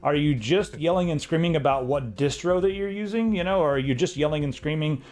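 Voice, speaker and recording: A man's voice: a little high, a little fast, a little mellow. A man co-hosting a casual tech discussion, ranting and critical, with frequent restarts. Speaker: co-host.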